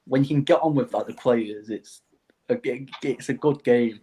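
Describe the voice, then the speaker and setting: A man with a mid-range voice trades dry jokes and casual swearing in stream chat. He sounds at ease and quick with banter. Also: medium pitch, warm tone, slight background noise. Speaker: referee guest.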